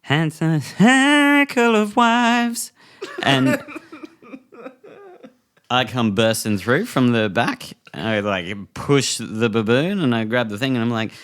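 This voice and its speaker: A man's voice: medium pitch, slow. A man, hosting a comedy podcast and telling a silly story in a playful way. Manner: playful, lively, slips into silly put-on voices. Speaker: podcast co-host.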